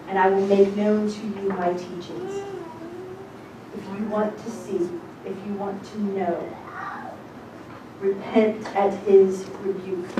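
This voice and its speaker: Blunt preaching woman in an echoey room. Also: mid-range voice. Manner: emphatic and blunt, shifting between slow scripture reading and quick casual talk. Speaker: rebbetzin teaching a congregation. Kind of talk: informal sermon with scripture reading. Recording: echoey room, distant mic, noisy.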